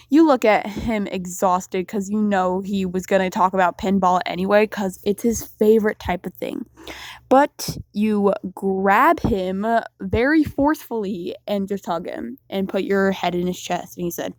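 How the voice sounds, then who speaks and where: A woman's voice: medium pitch, animated, unhurried, darkish tone, dry recording. Casual woman rambling through a story. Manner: casual, rambling, with fillers and restarts. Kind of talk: unscripted self-insert story narration.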